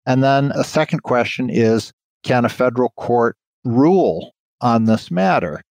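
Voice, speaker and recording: A man's voice: mid-range voice, animated, vocal fry, a little mellow, no room sound. Dry-voiced male history lecturer. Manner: measured, explanatory, reads historic quotations aloud.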